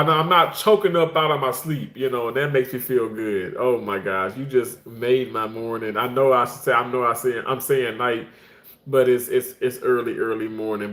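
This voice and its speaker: Effusive middle-aged man in an echoey room. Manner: rambling and effusive, often jumping high in pitch to thank and greet viewers. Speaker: livestream host. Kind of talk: casual livestream chat reading viewer comments. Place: indoor room, talking while cooking. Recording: roomy echo.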